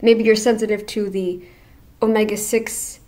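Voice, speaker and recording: A woman's voice: medium pitch, little pitch movement, normal speed, mellow. A woman hosting a reaction channel, talking back at a video with blunt, sarcastic commentary.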